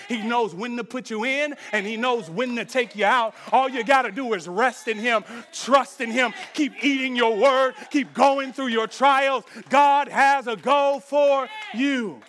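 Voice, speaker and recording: A man preaching a sermon as pastor, speaking in rhythmic repeated phrases that rise to shouts and then drop to a soft, hushed prayer. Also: sits high.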